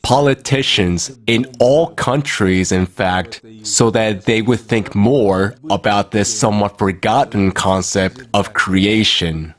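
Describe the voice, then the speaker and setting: A man giving a slow, measured formal speech at an online conference. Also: lowish voice. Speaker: conference speaker.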